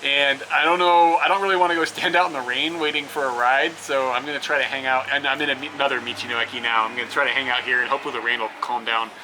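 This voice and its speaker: Talking fast with few pauses, this young travel vlogger rambles to his camera by roads and rest stops, using fillers and laughing often. His mid-range voice has a flat delivery. Traffic is clearly audible on the outdoor camera recording.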